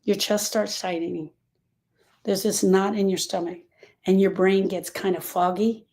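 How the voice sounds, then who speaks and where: A woman's voice: medium pitch, flat delivery, unhurried, a little mellow. A woman hosting a show on grief, who tells stories emphatically and conversationally and repeats phrases for weight. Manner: emphatic, repetitive, conversational storytelling. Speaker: podcast host. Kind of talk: heartfelt motivational talk on grief.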